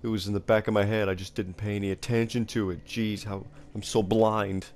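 Over the loud music and sound effects of a fighting game, a Tucson, Arizona man talks casually as he plays, letting out yelps and laughs. This gaming video creator's voice is on the low side, level in tone and brisk.

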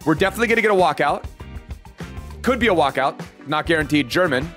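A young man giving lively, excitable commentary as he plays a football video game, talking straight to his viewers and venting when things go wrong. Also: on the high side, fast talker, faint music behind. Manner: animated, talks to viewers, frustrated outbursts. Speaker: gaming YouTuber.

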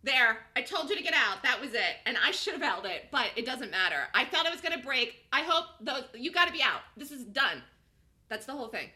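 A woman day trader giving excited live commentary on her trades, swinging between muttered asides and shouted calls. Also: high voice, a little fast. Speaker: day trader streaming a live trading room.

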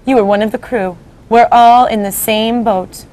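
A woman's voice: a little high, fairly even intonation, moderate pace, a little mellow, lightly acted. A woman reading aloud to a class, voicing a kindly, motherly female ladybug from a storybook. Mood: reassuring.

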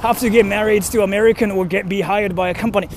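Speaking quickly in a high, steady tone, a young man walks outdoors to a station and chats casually into a handheld phone for his vlog. He's a freelance translator and voice actor who rambles, using fillers and second-guessing himself, and there's a little hiss or hum on the audio.

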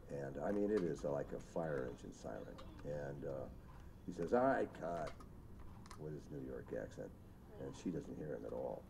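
A man with a very deep voice tells behind-the-scenes stories from a film set in a rambling way. His pitch swings widely as he acts out the people in his anecdotes, and faint noise sits under the recording. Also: vocal fry, dark tone. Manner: rambling anecdotes with vivid impressions. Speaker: makeup artist. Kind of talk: recorded commentary interview.

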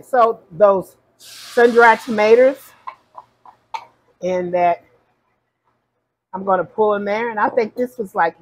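A woman talks viewers through a recipe at her home stove, narrating each step in a chatty, casual way. Her voice is husky and a little breathy, with a middling pitch. Soft music plays faintly behind her. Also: low-quality recording. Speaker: home cook. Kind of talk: casual cooking demonstration.

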